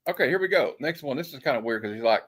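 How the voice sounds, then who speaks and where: A man's voice: medium pitch, expressive, very fast, a bit bright, husky. A man hosting a casual comic chat, joking and laughing as he reads old comic panels aloud. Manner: jokey, laughs often, reads panels in put-on voices. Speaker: comic show host.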